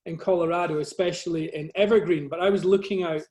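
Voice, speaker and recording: A middle-aged man with a soft Scottish accent talks through his slides on a video call, in a modest, chatty way. His voice sits a little higher than most men's. He often pokes gentle fun at himself as he speaks. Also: steady tone, quick pace. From Scotland. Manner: modest, conversational, self-deprecating. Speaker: guest speaker, photographer. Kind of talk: presentation over a video call.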